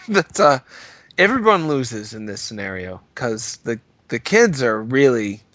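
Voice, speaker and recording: A man's voice: medium pitch, sing-song, slow pace, fairly bright tone, no room sound. A man co-hosting a comedy podcast, reacting with dismay and self-deprecating jokes. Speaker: podcast co-host.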